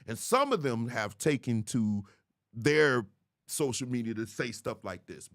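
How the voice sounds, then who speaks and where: Animated man giving blunt commentary. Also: mid-range voice, unhurried, vocal fry, no echo, clean studio sound. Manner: animated, preachy, talks straight to viewers. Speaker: host. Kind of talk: casual commentary monologue.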